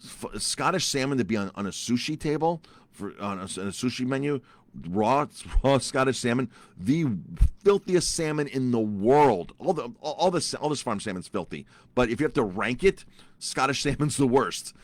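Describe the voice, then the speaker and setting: A man's voice: medium pitch, expressive, moderate pace, no echo. A middle-aged man, a chef, telling a story in a casual vlog, ranting with animation and repeating his words often. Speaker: chef and restaurant owner.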